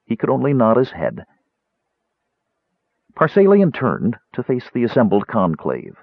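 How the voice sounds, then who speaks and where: A man narrating an audiobook fantasy novel in a measured, expressive storytelling manner. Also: mid-range voice, creaky, no room sound. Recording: dry, slightly dull audio.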